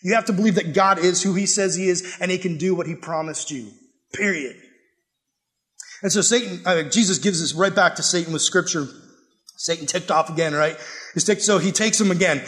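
A man's voice: sits high, brisk, fairly bright tone. A man preaching a sermon, emphatic and conversational, with frequent rhetorical questions. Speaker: pastor.

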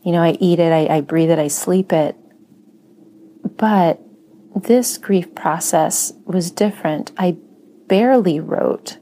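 A woman who writes and teaches writing, speaking slowly in a soft, reflective personal monologue with frequent pauses. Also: on the low side, slight background noise. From Spanish-speaking home. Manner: slow, soft-spoken, pausing often.

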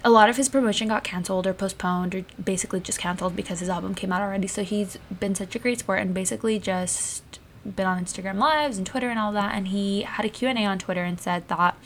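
A woman's voice: medium pitch, fairly even intonation, fast, a little hiss or hum. A young adult woman chatting casually to her viewers, bubbly and rambling with lots of fillers and asides. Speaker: vlogger. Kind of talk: casual chat to camera.

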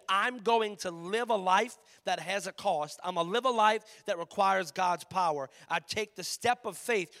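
Pastor guy preaching hard, high bright voice, goes loud then drops real quiet. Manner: passionate preaching, swinging between loud and hushed. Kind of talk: sermon.

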